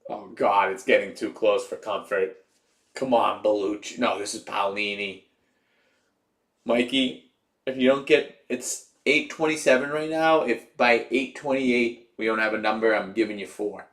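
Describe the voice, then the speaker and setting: A man's voice: on the low side, a little slow, a bit bright. A young man hosting a live stream, chatting casually, cheering and teasing his viewers. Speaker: livestream host.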